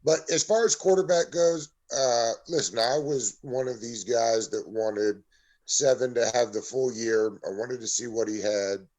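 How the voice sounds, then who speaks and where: Measured, matter-of-fact man. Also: mid-range voice, darkish tone. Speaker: podcast guest. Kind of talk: casual sports podcast chat.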